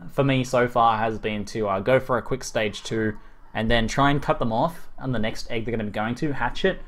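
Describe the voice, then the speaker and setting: An Australian man giving live gameplay commentary, excitable and quick to laugh and swear. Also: mid-range voice. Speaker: streamer.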